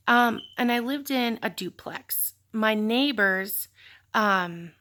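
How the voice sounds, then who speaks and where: A woman's voice: fairly high pitch, slow, bright, forceful tone. A woman telling a personal story in a candid, reflective vlog, with sighs and fillers. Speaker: vlogger telling her story.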